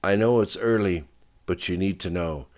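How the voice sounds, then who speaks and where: A man's voice: deep voice, normal speed, voice pushed up, natural voice. A man voicing Bet, a rattled woman. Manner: groggy then sharp and rattled. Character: woman, Bet, jolted awake into alarm. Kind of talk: audiobook character voice.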